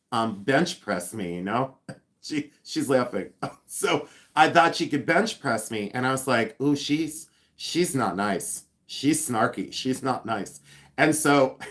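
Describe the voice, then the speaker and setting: A man's voice: mid-range voice, a bit bright. A man hosting a casual live stream, chatty and rambling, laughing often and joking with sarcasm. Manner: sarcastic humor.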